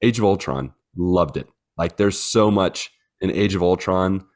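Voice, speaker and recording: A man's voice: low-pitched, unhurried, darkish tone. A man in his thirties, co-hosting a podcast in casual chat, telling a rambling story full of fillers. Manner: rambling storyteller, many fillers, acts out his dogs in silly voices. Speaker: podcast co-host.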